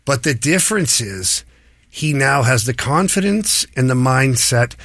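Bright-toned male sports show host. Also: medium pitch, lively intonation, unhurried, no room sound, clean studio sound. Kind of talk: casual sports chat.

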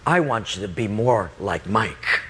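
A man preaching, voicing God in a low, measured, gently reproving way. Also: expressive, noisy background. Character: God, a calm fatherly divine voice correcting a man.

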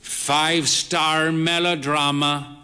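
A man's voice: fairly high pitch, little pitch movement, slow, pushed and bright, a little hiss or hum, full character voice. A man voicing a fey, thin man in late middle age who talks in a droll, playful, crooning way.

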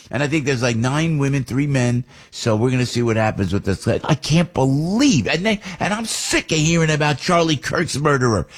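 A middle-aged man talks into a studio microphone as a radio host, airing his opinions with heat. His pitch swings widely, rising high on outbursts and sinking into low, confiding asides. The voice has a husky, slightly rough grain. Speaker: radio talk show host.

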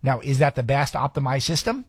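Male radio host, opinionated and sarcastic, husky tone, dead-dry studio. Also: mid-range voice, expressive, brisk, no room sound. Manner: sarcastic, rambling, with restarts. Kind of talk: opinionated political commentary.

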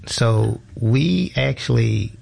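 A man's voice: medium pitch, animated, extremely slow, vocal fry, a little mellow. A man, a museum educator explaining animals in an informal, easygoing way. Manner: informal, explanatory, frequent fillers and restarts. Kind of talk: casual radio interview.

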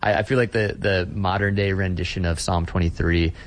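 Male pastor, deep low voice, earnest and conversational, stumbles and restarts. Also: steady tone, brisk, slight background noise. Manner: earnest, repeats words when starting sentences. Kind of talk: conversational interview.

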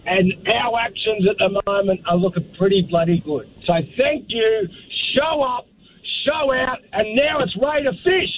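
A man's voice: high-pitched, unhurried. A man from Australia with an Australian accent, calling into a radio show in an upbeat, effusive way. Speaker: caller. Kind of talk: casual phone-in chat. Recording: husky tinny phone line.

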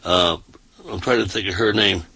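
A man's voice: deep voice, fairly even intonation, moderate pace, gravelly, pushed and bright, slightly rough, no room sound, rough recording. A man hosting a casual talk show, talking emphatically and often repeating himself and restarting his sentences.

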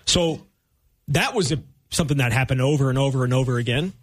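A man co-hosting sports talk radio, arguing his points quickly with frequent restarts. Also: medium pitch, no echo. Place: radio studio.

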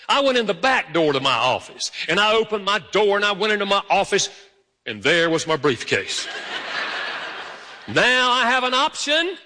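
A pastor preaches a sermon in a hall with long reverb, telling stories in an animated way as his pitch suddenly leaps upward.

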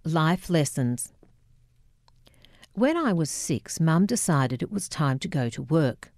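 An Australian woman narrates a memoir at an unhurried, deliberate pace, her voice low and mellow. Her reading is measured and reflective, and the recording is dry and close with no room sound. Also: big pitch swings, dry recording.

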